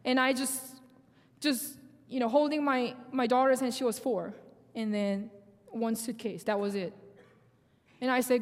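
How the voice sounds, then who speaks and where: A woman from South Korea with a Korean accent, whose first language is Korean, sharing a personal faith testimony in halting English with frequent restarts. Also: on the high side, fairly even intonation, in a large hall. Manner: halting, restarts often, laughs through her story. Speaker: guest speaker sharing testimony.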